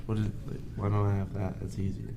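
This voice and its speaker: A man's voice: lowish voice, little pitch movement, brisk, creaky, dull audio, noisy background. A young man in his teens chatting offhand on a radio show, mumbling and hesitant, some way off the mic. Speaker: guest co-host. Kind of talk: casual chat. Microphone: mic set far from him.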